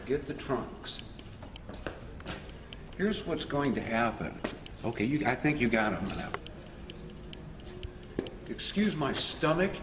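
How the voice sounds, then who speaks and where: Chatty man with a lively voice. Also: mid-range voice, takes it slowly, long pauses, background noise. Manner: chatty, addresses viewers as folks, talks softly to his cat. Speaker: home video host. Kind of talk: casual home video chat. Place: at home, partly in sunlight. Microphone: camera held by his wife.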